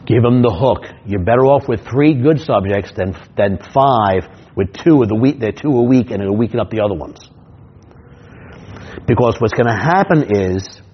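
A man's voice: lowish voice, breathy edge, dull audio. A man with a New York accent, a stage hypnotist teaching other performers, punchy and always checking in with the listener. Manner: punchy, keeps checking in with "right?" and acts out scenes. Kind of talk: instructional talk.

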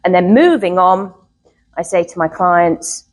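A woman's voice: on the low side, lively intonation, measured pace, rough recording. A middle-aged woman, a therapist, teaching a live workshop to a group in a chatty way, often checking in with "okay?".

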